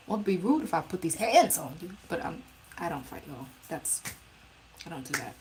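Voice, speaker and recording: A woman's voice: lowish voice, big pitch swings, moderate pace, background noise. A woman telling a storytime in a casual, blunt and profane way, rambling with restarts. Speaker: live streamer.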